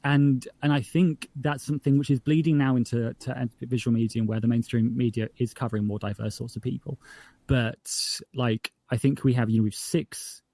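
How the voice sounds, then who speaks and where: A man's voice: medium pitch, moderate pace, no room sound. A man from northern England, a podcast creator, talking casually in an interview, often restarting his sentences and livening up when he tells jokes. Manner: chatty, self-correcting, animated when telling jokes.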